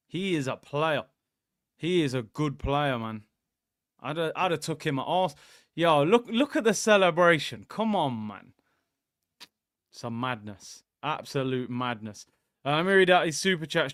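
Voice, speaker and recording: A young man hosting a live football watchalong, reacting excitably and joking with viewers. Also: high voice, no room sound, studio quality. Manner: excitable, jokey banter with viewers. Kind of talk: live match watchalong commentary.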